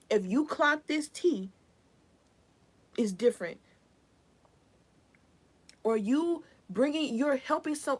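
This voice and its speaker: A woman's voice: on the high side, breathy edge. A young woman giving a live collective tarot reading in a casual, rambling, slangy way. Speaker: tarot reader.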